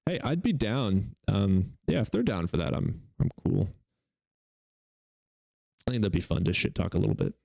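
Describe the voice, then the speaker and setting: A man's voice: on the low side, big pitch swings, moderate pace, gravelly, long pauses, a little mellow, no echo. A man hosting a livestream, chatting casually and profanely while reading out viewer comments. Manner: profane, joking, reads viewer comments aloud. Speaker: livestream host reading chat. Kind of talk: casual chat.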